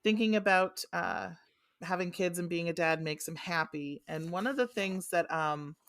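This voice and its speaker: A woman's voice: on the low side, moderate pace, a bit bright, no room sound. A woman co-hosting a casual podcast, telling a story in a chatty way with many fillers and restarts. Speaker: podcast co-host.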